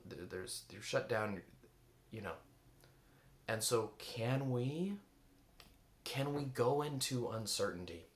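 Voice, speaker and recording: Low-voiced man coaching in a roomy echo. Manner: searching, repeats himself, many rhetorical questions. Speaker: eating coach. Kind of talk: reflective coaching talk to camera.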